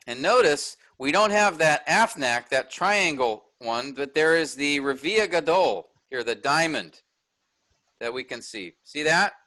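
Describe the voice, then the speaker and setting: A man's voice: on the high side, lively intonation, unhurried, bright, forceful tone. A middle-aged man teaching a class, explaining step by step and often checking in with "all right?". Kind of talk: recorded lecture with screen sharing.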